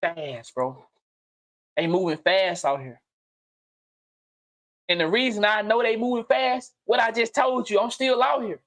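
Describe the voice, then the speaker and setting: A man hosting a livestream and giving an unscripted motivational monologue, blunt and profane, repeating phrases and swinging from low murmurs to loud outbursts. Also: unhurried, pauses often. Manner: blunt, preachy, profane street slang. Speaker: livestream host. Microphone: streaming mic.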